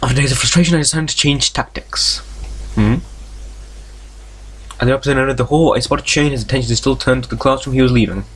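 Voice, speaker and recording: A man's voice: medium pitch, fast, long pauses, fairly bright tone, husky. A man hosting a let's play, reading a visual novel aloud and breaking off into jokes, tangents and frequent swearing. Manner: reads story text aloud, stumbling over words.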